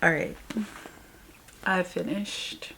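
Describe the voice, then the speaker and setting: A woman talks casually to her viewers in a reading vlog, rambling and exasperated and laughing often. Her speech is slow and unhurried, and her voice is fairly low with a gravelly fry. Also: steady tone, background noise. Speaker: book vlogger.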